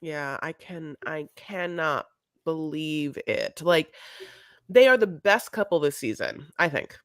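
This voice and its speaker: A woman's voice: sits low, animated, slow pace, dry recording. Woman co-host rambling casually, says like and honey a lot, dry close sound. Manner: chatty, lots of "like" and "honey". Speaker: podcast co-host. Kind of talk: casual recap chat.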